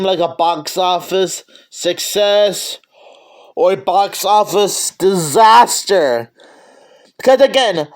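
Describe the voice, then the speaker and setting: A man giving a casual movie review, stammering and often restarting his sentences. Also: sits high.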